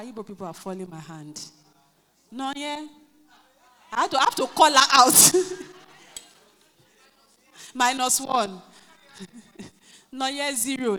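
Animated Nigerian woman pastor, echoing hall. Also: sits high. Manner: animated, acts out quotes, jokes with the congregation. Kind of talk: lively sermon with congregation banter. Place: church hall. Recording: reverberant church hall.

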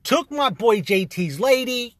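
A man's voice: extremely high pitch, animated, a little slow, fairly bright tone, no room sound, studio quality. A man ranting on a podcast in a brash, heated and profane way, full of streetwise slang. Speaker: guest taking over a podcast. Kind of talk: casual profane rant.

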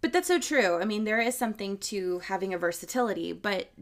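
A woman's voice: mid-range voice, lively intonation. A woman hosting a podcast, talking in a casual, thoughtful, articulate way. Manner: thoughtful, articulate, sometimes quick. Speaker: podcast host. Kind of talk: casual interview conversation.

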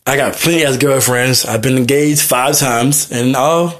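A man's voice: medium pitch, unhurried, a bit bright. A young man hosting a podcast, talking alone in a rambling, heartfelt way and often asking "you know what I mean". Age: young adult. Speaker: podcast host. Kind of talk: personal monologue.

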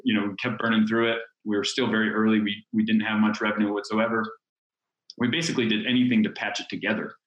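A man's voice: fairly low pitch, fairly bright tone. A man in his thirties, a startup founder, telling his story in candid, rambling casual talk with some swearing. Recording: roomy echo.

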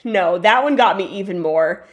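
A podcast co-host chats casually, telling stories with enthusiasm and emphasis and laughing often. Her voice is medium-pitched with lively intonation at a normal speed.

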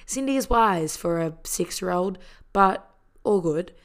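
A woman's voice: lowish voice, lively intonation, a little slow. A woman casually retelling a movie in a chatty, heartfelt way, full of fillers and the odd swear word. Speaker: vlogger.

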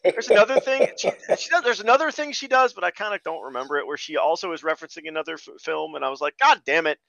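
A man's voice: a little high, very fast, vocal fry, fairly bright tone, no echo. A man hosting a podcast, ranting sarcastically about a bad movie in casual chat. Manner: sarcastic, exasperated rants with profanity. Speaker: podcast host. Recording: dry, dull lo-fi sound.

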